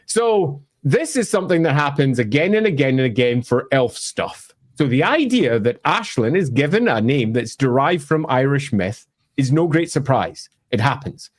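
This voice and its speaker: A man's voice: medium pitch, very animated, moderate pace. A Scottish man explaining fantasy game lore in an emphatic, wry, opinionated way. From Scotland. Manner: emphatic, wry, bursts into mock voices. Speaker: lore presenter.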